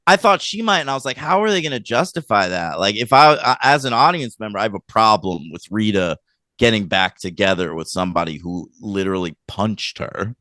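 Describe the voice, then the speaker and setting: A man co-hosting a casual film review podcast, rambling and animated as he retells scenes, with lots of fillers. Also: on the low side, fairly quick, no echo, clean studio sound. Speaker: podcast co-host.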